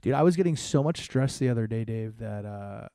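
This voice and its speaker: A man's voice: fairly low pitch, expressive, a little fast, vocal fry, warm tone, no room sound, studio quality. A man co-hosting a casual podcast, rambling and cutting himself off mid-sentence. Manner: rambling, self-interrupting, laughs easily. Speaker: podcast co-host.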